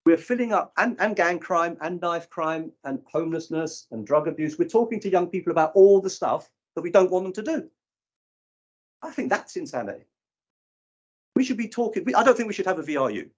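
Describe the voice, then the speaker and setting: Husky man giving a lively talk. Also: high-pitched, fairly quick, muffled recording. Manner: animated storyteller acting out quoted people. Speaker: conference speaker. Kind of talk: live breakout session talk. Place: conference room.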